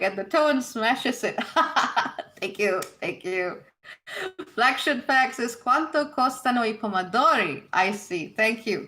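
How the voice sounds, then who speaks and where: A woman's voice: fairly high pitch, a bit bright. A woman hosting a casual livestream Q&A, reading viewers' comments aloud and answering them with easy laughter. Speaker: host answering live chat questions.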